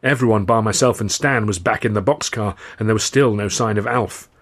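A man, the author, reading his novel aloud in measured, dry first-person narration. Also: lowish voice, fairly bright tone.

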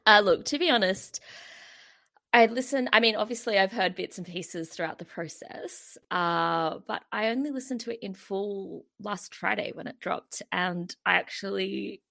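A woman's voice: medium pitch, normal speed, creaky, pushed and bright. An Australian woman co-hosting a podcast in casual chat, talking with many fillers and frequent giggles. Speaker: podcast co-host.

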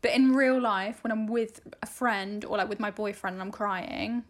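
A woman co-hosts a podcast in casual chat, talking candidly and swearing freely. Her voice is mid-range at a normal speed.

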